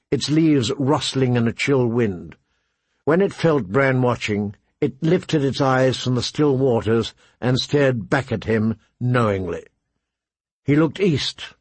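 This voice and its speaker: Man, audiobook narrator, measured, husky, dry close sound. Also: medium pitch, no echo. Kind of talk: scripted narration.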